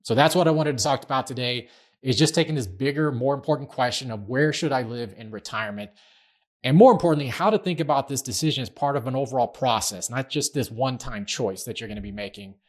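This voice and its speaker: A man's voice: mid-range voice, fast talker. A middle-aged man hosting a podcast, talking in a chatty, self-deprecating way. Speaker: podcast host. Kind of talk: casual podcast chat.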